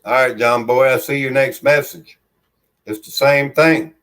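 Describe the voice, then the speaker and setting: A man's voice: medium pitch, fairly even intonation, measured pace, fairly bright tone. A man with a Southern country accent hosting a casual livestream from his home on a phone held in his hand, reading viewer comments aloud in a rambling, friendly way and calling himself by his nickname. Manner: rambling and friendly, refers to himself in the third person. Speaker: livestream host.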